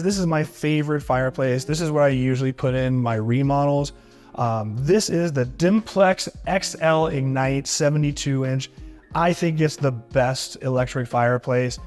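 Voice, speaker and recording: A man's voice: medium pitch, darkish tone. A man giving an enthusiastic walkthrough tour of a house, walking room to room and praising every feature. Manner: upbeat, enthusiastic, repeats "really neat" and "beautiful". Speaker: real estate agent giving a home tour. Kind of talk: walkthrough home tour vlog.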